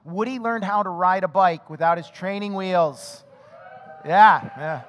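A male pastor giving an animated, chatty sermon, telling a personal story and asking the congregation questions. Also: high voice, unhurried. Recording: long hall reverb.

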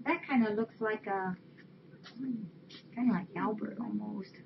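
A woman chats casually on a webcam stream, reading holiday cards aloud and thanking viewers one by one. The audio is dull and lo-fi. Faint background noise sits under her mid-pitched voice. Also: unhurried, vocal fry. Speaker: shelter webcam host.

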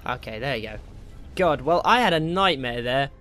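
A man giving casual, excitable commentary while playing a game, swearing and taunting enemies. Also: medium pitch, normal speed, soft background music. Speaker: gameplay commentator.

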